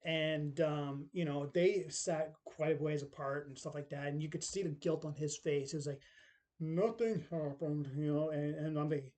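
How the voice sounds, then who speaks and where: A middle-aged man recounts a personal story in loose, rambling talk. His voice sits a little high for a man yet sounds mellow and relaxed. He keeps tossing in tag questions and acting out what others said. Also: normal speed, few pauses. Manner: rambling, full of tag questions and acted-out quotes. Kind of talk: casual spoken storytelling.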